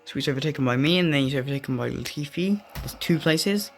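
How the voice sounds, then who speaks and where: A man's voice: fairly high pitch, lively intonation, fast talker, gravelly, faint music behind. A young man giving casual, rambling commentary over racing game footage, often drifting off on tangents. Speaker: gaming video creator.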